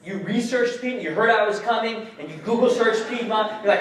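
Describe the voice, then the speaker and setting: A man lectures in a big hall, his fairly high voice ringing with heavy echo. He is animated and questions the audience directly, cursing casually. The mic sits some way from him. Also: fairly quick, far from the mic. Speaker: guest speaker, educator. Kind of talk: public lecture.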